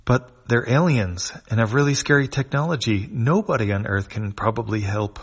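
A man's voice: medium pitch, normal speed, husky, lo-fi sound, voice pushed up. A man reading the lines of a worried young girl in a webcomic, talking herself into bravery. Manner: anxious, talking herself through it. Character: worried young alien-hunted girl Aitana.

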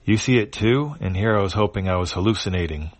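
Man reading as a sardonic tired drifter, deadpan, low voice barely lifted. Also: fast talker, natural voice. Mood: wry. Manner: dry and sardonic.

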